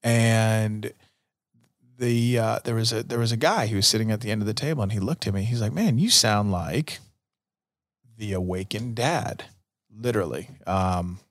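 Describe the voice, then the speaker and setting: A middle-aged man hosts his own show and talks through a personal story with casual earnestness, leaning on fillers as he goes. His voice sits fairly low, and the sound is dry and close with no room around it. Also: a bit bright, no room sound. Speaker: podcast host.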